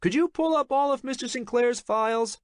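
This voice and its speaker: A harried young office worker in a thriller audiobook, played by the male narrator, urgent and strained, his voice pushed higher than the reader's own. The recording is close and dry. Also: big pitch swings, moderate pace, husky, no echo. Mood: exasperated.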